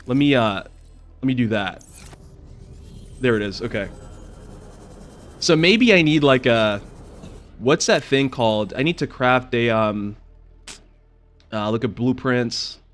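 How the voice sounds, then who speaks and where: A man's voice: medium pitch, slow pace, long pauses, faint music behind. A man casually commenting on his own video game as he plays, easily startled and prone to swearing. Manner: excitable, swears and yells when scared. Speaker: gaming channel host. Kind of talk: casual let's-play commentary.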